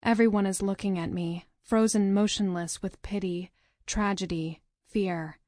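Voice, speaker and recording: A woman narrating a novel in the first person, with a measured, dramatic reading. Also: mid-range voice, fairly even intonation, warm tone, no echo, clean studio sound. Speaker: audiobook narrator.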